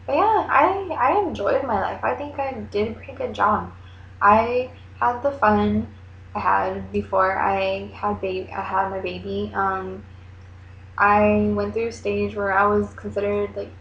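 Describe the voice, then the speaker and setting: A young woman chatting casually to her camera, rambling along with lots of "like" and quick asides. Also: medium pitch, a bit bright, a little hiss or hum. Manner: chatty, rambling, heavy use of "like". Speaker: vlogger. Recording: echoey room, dull lo-fi sound.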